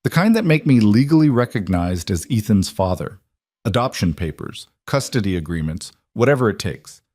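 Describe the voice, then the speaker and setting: A steady, earnest man in his forties speaks in a low, plain voice, as the narrator plays him. The reading is dry and close. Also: moderate pace, no echo.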